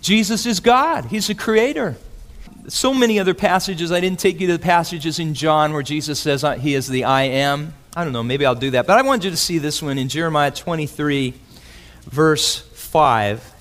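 A man preaching a sermon as pastor, animated, acting out quotes with big swings in his voice. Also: a little high, normal speed. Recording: long hall reverb.

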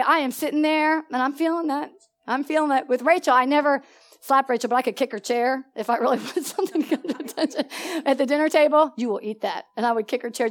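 Animated woman preaching a personal story. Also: high voice. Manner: animated storytelling, swings from loud to soft; asks the congregation questions.

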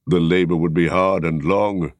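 A man reading as a gruff dwarf warrior. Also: sits low, steady tone, normal speed, no room sound, lightly acted. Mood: urgent. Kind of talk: audiobook character reading.

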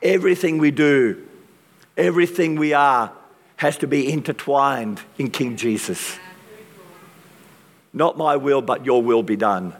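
A man preaching a sermon with passion and dramatic pauses, his voice strained from use. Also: mid-range voice. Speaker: pastor. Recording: long reverb of a large hall.

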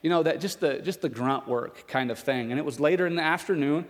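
A male pastor tells a story from the pulpit with an animated delivery and puts on loud, raised voices for other characters. His voice sits a little high for a man. A long hall reverb trails after his words. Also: fairly quick. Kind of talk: sermon with personal story.

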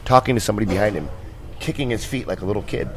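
A man telling profane stories in casual chat as a podcast guest, with deadpan jokes. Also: fairly low pitch, racing, creaky, noisy background.

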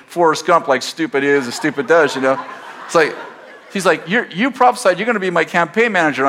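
Male pastor, sermon storytelling, slightly high voice, animated, casual filler words. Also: a little hiss or hum. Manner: animated storytelling, acting out both sides of dialogue with laughter. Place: church.

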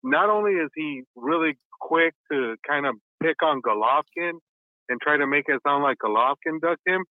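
Halting man caller on a tinny line. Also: on the high side, lively intonation, dry recording. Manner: halting, self-correcting, many ums. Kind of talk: casual chat.

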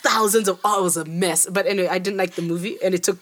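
A woman's voice: fairly low pitch, fairly even intonation, quick pace, fairly bright tone. Woman co-host telling a rambling story. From Africa. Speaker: podcast co-host. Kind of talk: casual chat.

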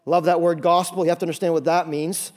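A man in the pulpit delivering a sermon. His voice sits a bit high, and he moves from hushed prayer to emphatic teaching. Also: flat delivery, quick pace. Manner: reads scripture then prays softly and preaches with rising emphasis. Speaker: pastor.

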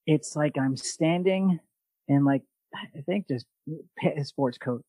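Telling stories casually on his podcast, a new male host from New York speaks slowly in a slightly high voice. He's lively, acts out quoted voices and swears now and then. There's no echo, just a dry sound.

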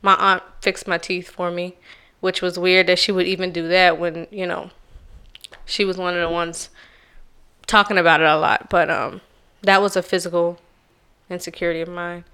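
A woman from Charleston, South Carolina, sharing a personal story on a podcast in a soft, reflective and carefully slow way. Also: lowish voice, level tone, clear, resonant tone. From Charleston, South Carolina, USA. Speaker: podcast co-host.

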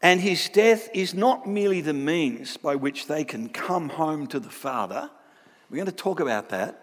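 An academic man gives a lively Bible lecture and keeps checking in with tag questions. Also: on the high side, moderate pace, in a large hall. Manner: animated, with frequent tag questions.

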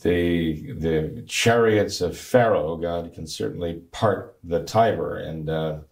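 Low gravelly priest in interview. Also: male voice, takes it slowly, darkish tone. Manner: earnest preaching cadence with restarts. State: gravelly recovering voice. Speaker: priest guest. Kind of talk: talk show interview.

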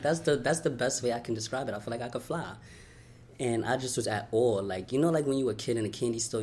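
A young man from Brooklyn, telling his life story in an interview, candid and heartfelt, talking in quick runs with lots of "you know" and "like.". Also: medium pitch, a little mellow. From Brooklyn, New York. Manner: candid, fast-flowing, heartfelt, many "you know" and "like" fillers. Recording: faint background noise.

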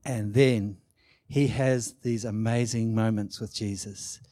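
A man preaching a sermon, emphatic and animated, acting out quoted lines. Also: lowish voice, takes it slowly, dry recording. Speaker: pastor.

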